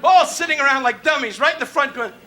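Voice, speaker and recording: A man doing a brash insult stand-up routine, teasing and shouting at people in the live audience. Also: very high-pitched, quick pace. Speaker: stand-up comedian. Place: stage before a live audience. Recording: noisy live recording with loud crowd.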